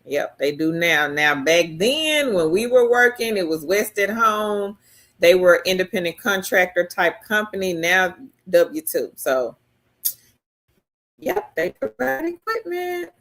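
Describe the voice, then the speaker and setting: A woman hosts a casual live stream, reading viewers' comments out loud and answering them chattily at a measured pace. Whenever she gets excited, her pitch leaps upward.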